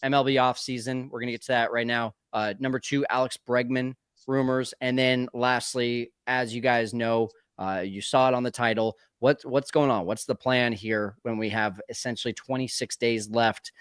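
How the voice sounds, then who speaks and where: A man's voice: mid-range voice, level tone, moderate pace, fairly bright tone, clear, resonant tone, dry recording, studio quality. A man hosting a live sports talk stream, upbeat and chatty, calling his guests brother. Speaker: podcast host.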